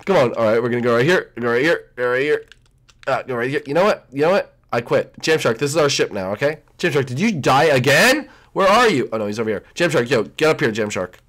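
A young man hosting a gaming channel, commentating a multiplayer game with excitable outbursts and playful trash talk at his teammates. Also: medium pitch, fast talker. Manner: excitable, swings from mumbling to shrieking. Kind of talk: live gameplay commentary.

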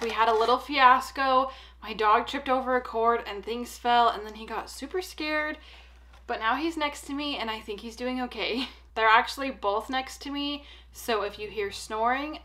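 Bright, chatty young woman vlogger. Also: on the high side. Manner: chatty and upbeat, with frequent "like" and "um". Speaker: pet vlogger. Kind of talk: casual unboxing chat. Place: home, indoors.

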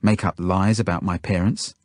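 A man's voice: low voice, steady tone, normal speed, dry recording, studio quality, close to an everyday voice. A man reading an audiobook, voicing a cold, hostile grown woman who speaks with scorn. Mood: mocking. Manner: scornful, hard.

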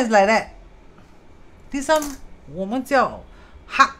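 A woman's voice: fairly high pitch, big pitch swings, slow pace, pauses often, fairly bright tone. Chatty Singaporean woman teaching feng shui. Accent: Singaporean English. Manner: chatty, mixes in Hokkien and Mandarin words; greets viewers mid-explanation. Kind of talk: casual live-stream talk.

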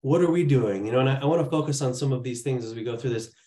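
A man's voice: mid-range voice, fast, mellow, roomy sound. A man giving an earnest, casual training talk, telling stories with frequent restarts. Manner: earnest, storytelling, many restarts. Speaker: church training presenter.

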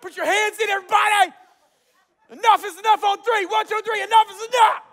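A man voicing a nervous young man called to lead, who stammers out pleas and excuses and sometimes bursts into shouted rallying cries. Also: sits high, very animated, moderate pace, a faint crowd, full character voice. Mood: fired-up shouting. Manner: stammering, pleading, then shouting rallies. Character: anxious young man called to lead, turning fired-up rallier.

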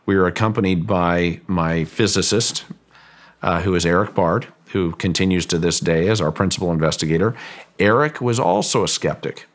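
Male guest, deep low register, long halting anecdote, voices others' lines with lifts. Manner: halting, with frequent restarts and fillers; acts out quoted lines with raised pitch. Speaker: guest, ranch owner. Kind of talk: storytelling in a long-form interview.

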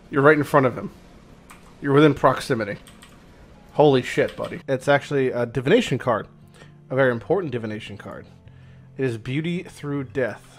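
A man streaming a video game who comments excitedly and swears at rare loot. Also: medium pitch. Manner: excitable, swears often, shouts in surprise. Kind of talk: gameplay commentary.

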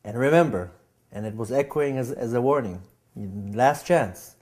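A man telling a personal story, with a halting manner full of repeats and restarts, getting animated as he acts out scenes. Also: medium pitch. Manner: animated when acting out scenes. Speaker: speaker giving a personal testimony.

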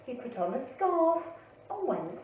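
A woman, an early years teacher, reads a picture book aloud to children in a slow, expressive storytelling voice. Her pitch rises and falls a great deal. The sound is thin and phone-like, with a big room echo and the mic some distance away. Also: slight background noise.

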